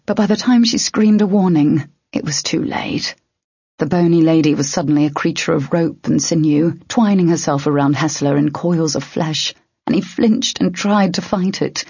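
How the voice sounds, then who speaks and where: A woman narrating an audiobook in a steady, measured way. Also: lowish voice, husky, no room sound. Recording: dry, dull lo-fi.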